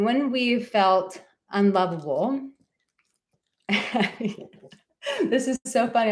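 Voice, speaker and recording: Streaming live from a relative's house, a bubbly, chatty woman who works as a relationship coach reads out comments from viewers. She has a medium-pitched, slightly mellow voice.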